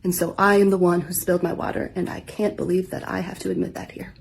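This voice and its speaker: A woman giving a mock courtroom rebuttal to a jury in a dry, deadpan, matter-of-fact way. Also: lowish voice, quick pace, gravelly, background noise. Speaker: comedic vlogger, wife.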